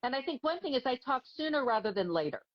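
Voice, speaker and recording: A middle-aged woman, a dog trainer, guesting on a casual chat. Her voice is high and quick, and she talks bluntly and candidly. The audio is muffled and lo-fi, as over a video call. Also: sing-song.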